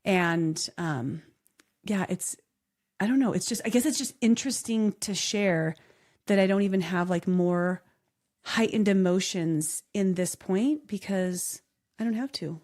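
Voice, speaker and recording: A woman co-hosts a relaxed podcast, speaking candidly and often breaking into laughter. Her voice sits at a middling pitch, and she tells stories with animated energy. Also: unhurried. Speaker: podcast co-host. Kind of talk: casual podcast chat.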